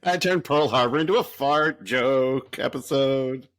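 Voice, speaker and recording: A man's voice: mid-range voice, measured pace, a bit bright. A man from Kentucky co-hosting a podcast in casual chat, joking and sarcastic. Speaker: podcast co-host.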